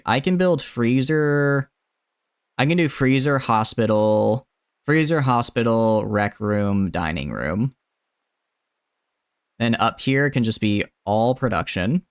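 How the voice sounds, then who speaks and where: A man's voice: on the low side, dry recording, studio quality. A man streaming a game live, answering chat and thinking aloud in a rambling, wry way with lots of fillers. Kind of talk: live-streamed gameplay commentary, reading chat.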